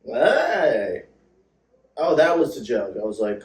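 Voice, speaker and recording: Low-voiced guy riffing jokes deadpan, kinda far from the mic, echoey room. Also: measured pace. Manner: deadpan, self-deprecating, laughs at his own bits. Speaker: comedian podcast co-host. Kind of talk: casual joke-writing banter.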